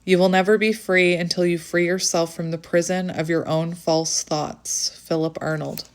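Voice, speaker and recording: Casting: woman with a lowish voice, reads self-help text aloud, slow affirmations, casual asides. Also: fairly even intonation. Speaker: tarot channel host.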